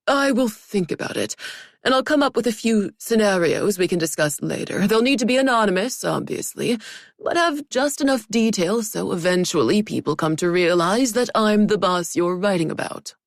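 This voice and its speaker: A woman's voice: mid-range voice, animated, moderate pace, dry recording, studio quality, lightly acted. A woman voicing a vain, self-absorbed male celebrity boss who talks in a commanding, dismissive way. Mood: bossy.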